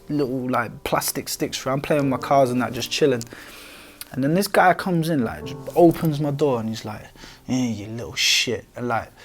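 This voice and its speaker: A man's voice: medium pitch, a little mellow. A young man, candidly telling his own life story in loose street slang, with lots of swearing and fillers.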